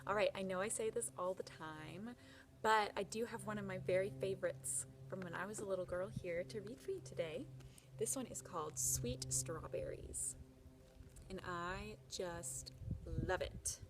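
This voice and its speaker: A woman reading a picture book aloud to children, expressive, with chatty asides. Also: mid-range voice, normal speed, noisy background.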